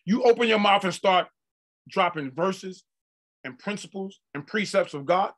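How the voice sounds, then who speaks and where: A man preaching a sermon with fervor, swinging from quiet stretches to loud bursts and repeating words for emphasis. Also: sits high, a little slow. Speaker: apostle preaching.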